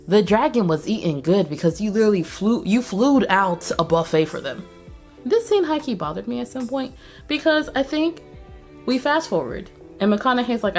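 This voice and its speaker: A woman hosting a casual movie recap, telling the story in a profane, slangy, animated way. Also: mid-range voice, brisk, faint music behind. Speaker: host.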